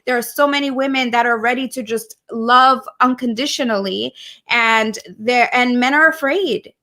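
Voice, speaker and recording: A woman's voice: a little high, moderate pace. A woman co-hosting a podcast, chatting in a heartfelt, gushing way and laughing easily. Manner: warm, gushing, laughs often. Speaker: podcast co-host. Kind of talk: casual heartfelt chat.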